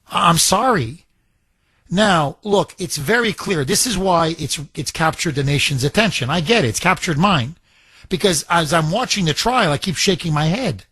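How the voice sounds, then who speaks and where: A man's voice: fairly high pitch, lively intonation, moderate pace, pushed and bright, slightly rough, no echo. A man hosting a call-in talk radio show, giving emphatic, opinionated commentary that wanders off on tangents.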